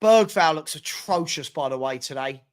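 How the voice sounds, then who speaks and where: A man's voice: fairly high pitch, lively intonation, normal speed. A man hosting a live football watchalong, calling the play and groaning at his team while chatting to viewers by name. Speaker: watchalong host.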